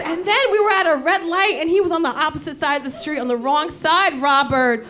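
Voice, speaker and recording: Woman comedian host, high voice, animated and profane storyteller, loud laughing crowd behind. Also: brisk, few pauses, noisy background. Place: stage before a live audience. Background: audience laughter.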